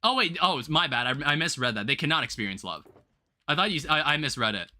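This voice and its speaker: A young man with a high, bright voice rambles through a casual livestream chat, swinging his pitch widely as he rants. He keeps restarting his sentences and talks straight to his viewers. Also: fast. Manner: rambling, animated ranting with restarts and laughs. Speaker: livestream host.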